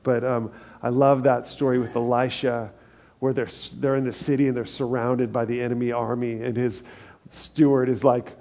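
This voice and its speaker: Gravelly low-toned guy preaching, warm and mellow, kinda muffled lo-fi sound. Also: level tone, normal speed. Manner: earnest, builds to emphatic peaks. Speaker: pastor. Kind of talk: sermon.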